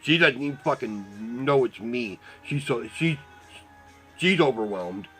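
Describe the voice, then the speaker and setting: A volunteer tells a story in a casual mood, his husky, bright, forceful voice sitting in an ordinary middle register. He's expressive and a little slow, swearing constantly and rambling through loose asides, often quoting himself and others in back-and-forth dialogue. Soft music plays in the background.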